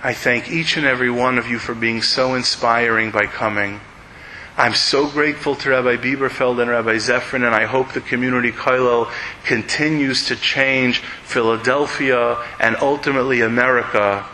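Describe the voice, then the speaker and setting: A man giving an inspirational sermon, telling a story with animated build-ups to emphatic peaks. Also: mid-range voice, moderate pace, slight background noise, poor audio. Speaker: speaker at a community event.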